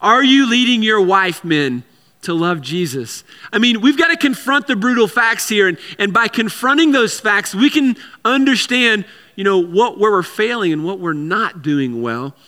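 A man's voice: high voice, expressive, moderate pace, sharp tone, in a large hall. A man preaching a sermon in a conversational way, with repeated words and casual asides. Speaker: pastor.

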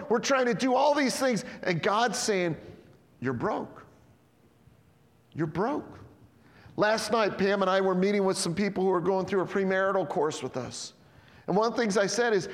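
A middle-aged man preaches with a higher-pitched voice in a lively, conversational way, then pulls back to a quiet, weighty tone on his key points. His voice rings out with a long reverb, as in a church sanctuary. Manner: animated, conversational preaching with sudden drops to quiet emphasis. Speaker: pastor. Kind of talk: sermon.

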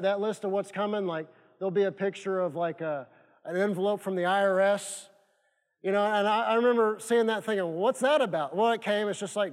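High-pitched guy preaching, repeats stuff over and over, has the crowd say lines back, big echoey church. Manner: repetitive, emphatic preaching with call-and-response prompts. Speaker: pastor. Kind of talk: sermon. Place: church sanctuary. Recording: long reverb of a church hall.

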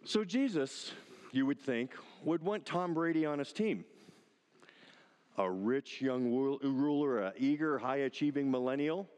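A man's voice: on the high side, a little mellow, big-room sound. A man preaching a sermon, acting out quoted lines with rising emphasis and asking the congregation questions. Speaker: pastor.

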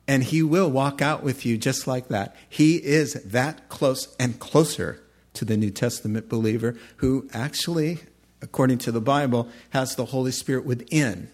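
Male pastor, casual animated sermon delivery, mid-pitched voice, acts out quick character lines. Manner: conversational, animated preaching with acted-out voices.

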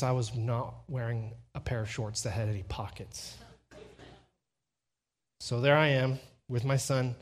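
Man preaching a sermon, storytelling. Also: medium pitch. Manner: storytelling with animated quoted dialogue. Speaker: pastor.

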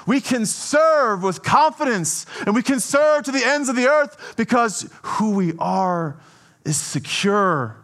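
A man preaching a sermon in a conversational, animated way, often checking in with "right?" and swinging between soft and emphatic delivery. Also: extremely high pitch, slow pace.

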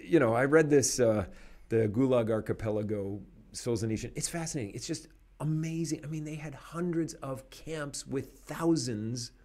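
A man hosting a podcast, speaking in an animated, emphatic way and laughing between points. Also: medium pitch, moderate pace. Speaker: podcast host. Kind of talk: conversational commentary.

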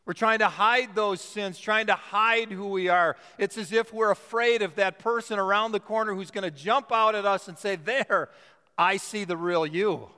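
A man's voice: sits high, steady tone, sharp tone, smooth. A male pastor preaching a sermon in a church, stressing key words by drawing them out. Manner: emphatic, drawn-out phrasing on key words. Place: church sanctuary. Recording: long church reverb.

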